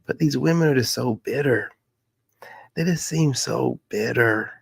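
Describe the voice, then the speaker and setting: A man's voice: mid-range voice, unhurried, vocal fry, husky, dry recording. A man hosting a casual reaction commentary in a loose, slangy way. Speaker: commentary channel host.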